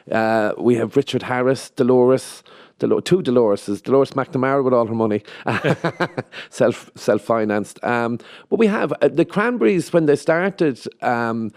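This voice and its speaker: A man with a Limerick Irish accent talks in a wry, self-mocking way, tossing off quick asides and chuckling as he goes. His voice sits at an ordinary middle pitch. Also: a little mellow. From Limerick, Ireland. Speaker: comedian guest. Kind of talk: joking interview chat.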